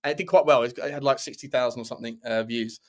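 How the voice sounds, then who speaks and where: A man's voice: medium pitch, steady tone, quick pace. A man hosting a casual football live stream, reading out chat messages and giving rambling, opinionated takes. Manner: chatty, opinionated, rambling with restarts.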